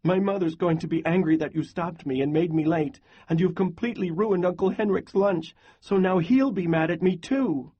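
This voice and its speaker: A husky-voiced man voicing a defiant young girl, raising his voice into a higher, pleading tone. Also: animated, normal speed, dull audio. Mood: tearful. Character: defiant young Danish girl, quick-tongued.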